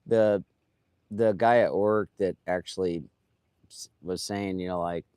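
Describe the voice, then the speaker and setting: A man's voice: sits low, fairly even intonation, unhurried, darkish tone, clean tone, no room sound, studio quality. A man who carves wood with a chainsaw, chatting casually on a live stream while he works, rambling and trailing off with lots of fillers.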